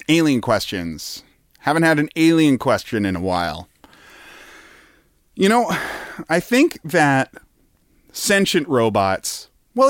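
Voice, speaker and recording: A man hosting a solo show in a playful, meandering way, stopping and restarting often. His pitch swings widely, but he takes his time. The sound is dry and close. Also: no room sound. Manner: playful, rambling, lots of fillers and restarts. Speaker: podcast host. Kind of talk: casual solo rambling.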